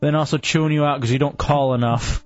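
A man's voice: fairly high pitch, fairly even intonation, quick pace, no room sound, highs cut off. A man hosting a call-in radio show, teasing his co-host and laughing often. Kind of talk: bantering call-in talk.

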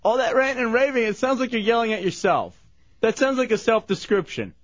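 A man's voice: extremely high pitch, lively intonation, a little fast, dry recording, highs cut off. A man hosting a radio show, laughing, teasing a co-host and reading listener messages. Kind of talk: radio banter.

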